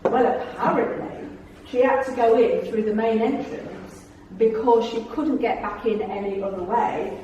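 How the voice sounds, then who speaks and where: A middle-aged woman, speaking as an after-dinner speaker in a function room, entertains a club audience with funny anecdotes, chattily acting out the dialogue. Her voice is fairly high and dark at a moderate pace. The muffled recording has slight background noise, with heavy echo and the speaker far from the mic.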